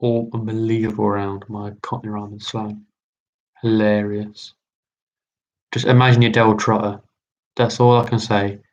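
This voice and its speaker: A man's voice: on the low side, level tone, a little slow, pauses often, highs cut off. A man hosting a live online quiz, chatty and repeating his lines. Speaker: quiz host.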